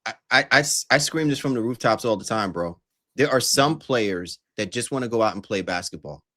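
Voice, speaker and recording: Male podcast host, mid-pitched, emphatic run-on talker, relaxed sports banter. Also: brisk. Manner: emphatic, long run-on arguments. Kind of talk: casual sports chat.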